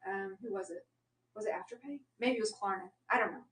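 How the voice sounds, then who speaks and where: A woman's voice: medium pitch, fast, a bit bright. A woman hosting a live shopping stream, talking casually in a rambling way with many fillers and self-corrections. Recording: roomy sound, mic at a distance.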